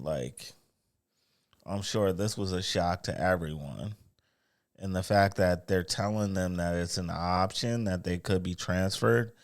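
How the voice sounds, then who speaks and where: Slow, very deep-voiced male commentator. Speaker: commentary channel host. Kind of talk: casual commentary.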